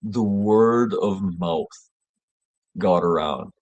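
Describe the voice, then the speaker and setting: Guy, lowish voice, rambling sweary story on his show, laughs and goes way up high when he gets worked up. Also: drawn-out words, a little mellow, dull audio. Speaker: show host. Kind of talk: casual storytelling monologue.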